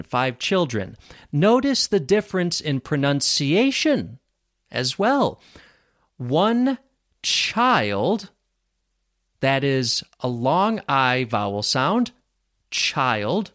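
A man hosting a podcast as an English teacher, speaking slowly and clearly for learners. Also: no echo, studio quality. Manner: careful, over-articulated teacher's delivery with lively pitch.

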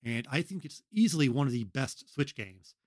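A man talking casually on a podcast, relaxed and full of fillers. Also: mid-range voice, moderate pace, dry recording, clean studio sound. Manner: relaxed, filler-heavy storytelling. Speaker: podcast co-host.

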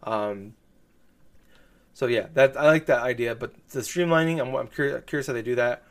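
A man's voice: mid-range voice, normal speed. A man chatting casually about video games on a podcast, rambling with lots of fillers and restarts. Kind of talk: casual gaming podcast chat.

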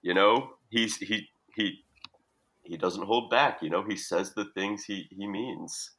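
A man's voice: lowish voice, slow pace, crowd noise. A man co-hosting a casual podcast with mock-serious sarcasm. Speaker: podcast co-host. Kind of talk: casual chat.

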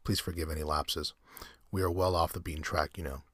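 Man reading aristocratic hunter general, middle-aged, slow, courteous, deep voice. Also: steady tone, a bit bright, no room sound, clean studio sound. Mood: courteous menace.

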